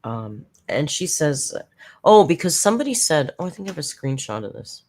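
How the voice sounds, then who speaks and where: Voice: medium pitch, sing-song, normal speed, a little mellow. A commentary channel host recapping a livestream in a chatty, sarcastic tone, with mocking asides.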